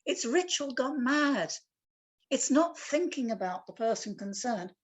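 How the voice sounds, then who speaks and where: A woman's voice: high-pitched, measured pace. A woman in her seventies, a guest on a video call, telling stories in a blunt, playful way. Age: 70s. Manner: blunt, lively, playful storyteller. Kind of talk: casual storytelling on a video call.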